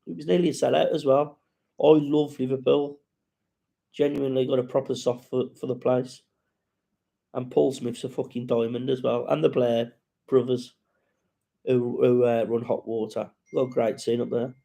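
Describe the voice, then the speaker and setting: A man's voice: mid-range voice, little pitch movement, moderate pace, creaky, mellow. A man hosting a casual live-stream chat, rambling and sweary as he greets viewers and reads out their comments.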